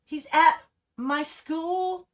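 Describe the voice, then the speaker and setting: A middle-aged woman, talking on a livestream in an impassioned, ranting way that rises to angry shouts. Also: extremely high pitch, very slow. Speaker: livestream host. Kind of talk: livestream commentary over slideshow.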